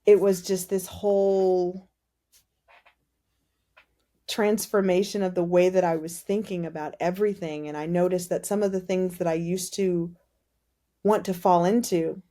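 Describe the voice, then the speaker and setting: A woman guest on a podcast, telling her faith story in casual, animated conversation and acting out the dialogue. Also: lowish voice, a little slow, pauses often. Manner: animated storytelling, many "like" fillers, acts out dialogue. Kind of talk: personal testimony in casual conversation.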